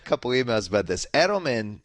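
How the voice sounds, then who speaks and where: A man's voice: mid-range voice, big pitch swings, fast, dry recording. Guy hosting a podcast, joking around, mid voice, dead dry room. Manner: chatty, joking, prompts the guest with questions. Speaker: podcast host. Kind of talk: casual podcast chat.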